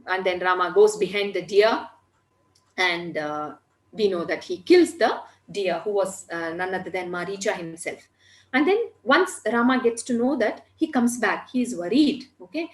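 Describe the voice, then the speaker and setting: A woman telling a story in a lively, conversational way, with many fillers and asides. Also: mid-range voice, moderate pace, roomy sound. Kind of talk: spoken storytelling.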